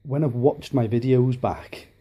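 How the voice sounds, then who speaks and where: A man's voice: mid-range voice, fairly even intonation, unhurried, warm tone, breathy edge. A man talking to camera in a casual vlog, hesitant with many ums and restarts. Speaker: YouTuber.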